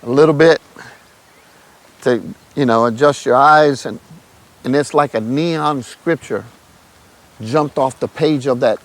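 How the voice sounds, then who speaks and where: A man's voice: mid-range voice, unhurried, pauses often. A man, telling his testimony in a casual, emotional way and often calling the listener "man". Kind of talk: casual storytelling.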